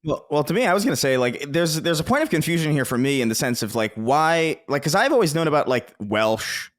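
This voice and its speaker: Halting, wry podcast man. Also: fairly high pitch, sing-song. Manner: halting, filler-heavy, wry. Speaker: podcast co-host. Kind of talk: casual chat.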